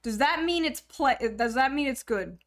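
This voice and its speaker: A young woman with a high, expressive voice chats casually with her stream viewers at a moderate pace. She jokes, rambles, and pokes fun at herself throughout the live-stream chat.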